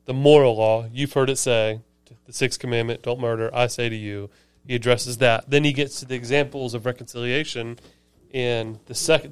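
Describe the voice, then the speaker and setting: A man's voice: mid-range voice, clear, resonant tone, no room sound. A man co-hosting a church podcast, chatting casually and enthusiastically about a sermon. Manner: conversational, enthusiastic, explains with asides. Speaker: podcast co-host, church staff.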